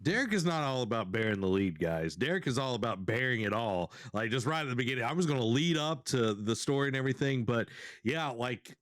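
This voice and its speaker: A man's voice: mid-range voice, lively intonation, brisk, a bit bright, no room sound, studio quality. A man co-hosting a casual gaming podcast, talking in a rambling, emotional way and repeating phrases. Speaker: podcast co-host.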